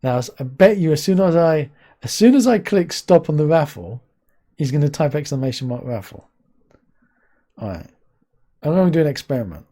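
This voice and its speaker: A man hosting a casual live stream, talking to a guest and chat, laughing often and breaking into sudden high yelps. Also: lively intonation, normal speed, pauses often, warm tone. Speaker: streamer host.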